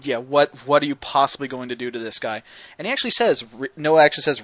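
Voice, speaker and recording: Wry male podcast host, sharp bright tone, dry close mic, chatty scene-by-scene recaps. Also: medium pitch, lively intonation, no room sound. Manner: wry, detailed, quick to quote scenes. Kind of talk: casual film breakdown chat.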